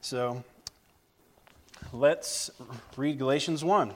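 A man's voice: mid-range voice, steady tone, measured pace, fairly bright tone. A man preaching a plainspoken, straight-to-the-point sermon, with frequent fillers and restarts. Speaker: lay preacher.

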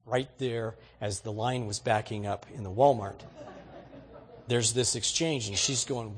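A man's voice: fairly low pitch, measured pace, husky. A man preaching a sermon, telling everyday stories in a folksy, exhorting way. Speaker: pastor.

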